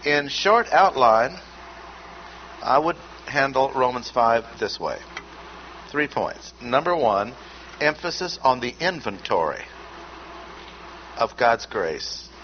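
Male Bible teacher, mid-pitched, emphatic and deliberate, dull lo-fi recording. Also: sing-song. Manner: measured, emphatic, repeats key words. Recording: dull lo-fi recording with faint noise.

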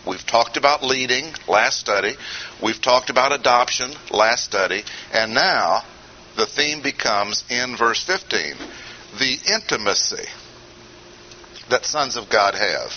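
Slow, emphatic preacher teaching scripture. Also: male voice, medium pitch, expressive. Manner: deliberate, emphatic, pausing often. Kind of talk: expository Bible teaching. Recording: dull lo-fi recording with faint hiss.

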